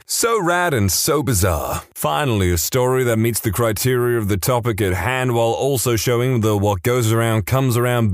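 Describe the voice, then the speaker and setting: A man's voice: medium pitch, dry recording. A man narrating listener-submitted stories aloud, acting out the quoted lines. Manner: dry storytelling, acts out quoted lines. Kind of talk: reading aloud.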